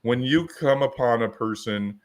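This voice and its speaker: A man with a mid-range voice speaks at a measured pace as he hosts his podcast. The business coach chats casually about his work, telling stories in which he takes on both sides of the dialogue.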